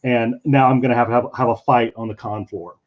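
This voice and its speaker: This comic artist has a mid-range voice and a brisk delivery as he spins a convention anecdote in relaxed conversation while drawing. He gets animated, acting out the quoted voices. It's captured in dull, lo-fi stream audio.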